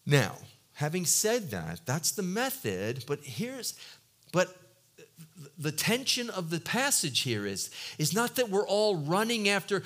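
A male pastor preaching a sermon who acts out voices from the story and swings from loud outbursts to hushed, low lines. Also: takes it slowly. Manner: animated, acts out voices of biblical figures and God; swings between loud exclaims and quiet, low-voiced asides.

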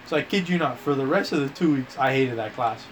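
A man's voice: medium pitch, fairly quick, slight background noise, poor audio. A man casually telling long, profane anecdotes to friends, full of slang and acted-out quotes. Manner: profane, rambling anecdotes with slang like bro and dude; acts out quoted lines with voice changes. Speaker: storyteller among friends. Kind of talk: casual chat.

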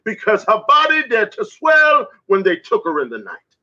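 A man voicing a fierce, grieving ancestral mother who demands vengeance, shouting in spoken word verse. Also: sits high, wildly swooping pitch, normal speed, voice pushed up, heavily acted. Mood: furious, grieving. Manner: shouted, urgent declamation. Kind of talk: spoken word poetry performance. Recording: dull lo-fi audio.

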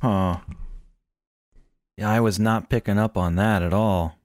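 A man's voice: fairly low pitch, steady tone, a little slow, a little mellow, no echo, studio quality. A man co-hosting a podcast about a film, chatting in a playful, joking way. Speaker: podcast co-host. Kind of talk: casual film-discussion chat.

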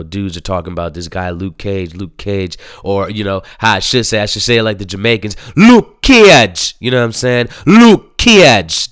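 A man's voice: fairly low pitch, a bit bright, smooth, no echo, studio quality. A man giving a casual spoken review of a TV show, rambling and profane, with many fillers.

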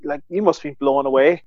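A man's voice: on the high side, moderate pace, a little mellow, dry recording. A man, joking and teasing in casual chat. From Northern Ireland. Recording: dull lo-fi sound.

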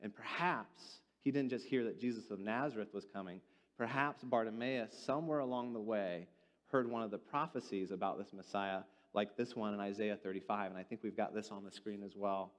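A man preaching a sermon, reading scripture slowly and then explaining it earnestly, asking the congregation questions. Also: lowish voice. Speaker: pastor. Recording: church hall with long reverb.

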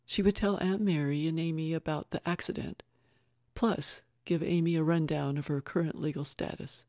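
A woman reads a novel aloud in a measured, even narration. The sound is close and dry with no room around it. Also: low-pitched, no echo. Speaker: audiobook narrator. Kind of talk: scripted narration.

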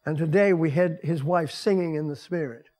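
Older man, pastor, high-pitched, folksy conversational sermon in a church, building to strong emphasis. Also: moderate pace, darkish tone. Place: church sanctuary.

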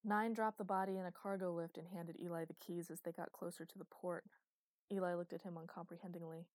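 A woman narrating an audiobook in an even, measured way, in a dry close recording. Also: on the low side, no echo, rough recording. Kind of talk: scripted narration.

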